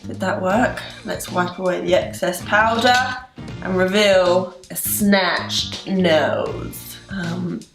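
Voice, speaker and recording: A woman's voice: lowish voice, fairly even intonation, slow pace, vocal fry. An English woman chatting casually through a makeup tutorial, poking fun at her own mistakes. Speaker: beauty vlogger. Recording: roomy echo with background music.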